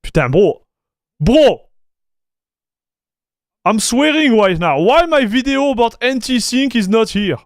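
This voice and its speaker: A man, livestreaming and reacting to a video in excitable, slangy chat. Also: extremely high pitch, moderate pace, few pauses, no echo, studio quality. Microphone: streaming desk mic.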